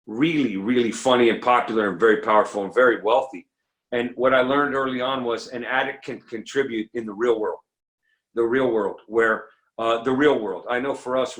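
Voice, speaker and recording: Middle-aged male speaker, comic recovery talk, animated delivery that acts out quotes. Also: mid-range voice.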